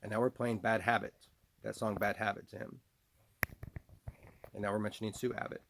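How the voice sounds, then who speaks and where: A man with a low, gravelly voice talks in a long, rambling monologue. He speaks in an accusatory way and refers to himself in the third person. There is a faint hiss under the recording. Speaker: vlogger. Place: trailer home.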